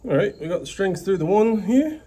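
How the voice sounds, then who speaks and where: A man's voice: high voice, expressive, fairly quick, mellow, slightly rough. A man with a mixed English accent chatting casually and muttering to himself while he builds something by hand. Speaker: DIY maker. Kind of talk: casual workshop narration.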